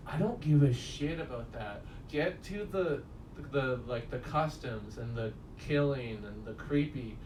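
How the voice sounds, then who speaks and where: Here a man delivers an offhand spoken film review, wandering from point to point, cursing often and cracking himself up. His voice is medium in pitch and slightly mellow, picked up from a distance. Roomy reverb and a faint hum of room noise surround him.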